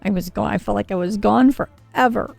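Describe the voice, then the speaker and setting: A woman's voice: mid-range voice, a little fast, creaky, a little mellow, no room sound, faint music behind. A woman hosting a casual tarot livestream, talking with viewers in a soothing, chatty way, her voice a little scratchy from a cold. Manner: soothing, chatty, reads viewer names and card meanings. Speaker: tarot reader and livestream host.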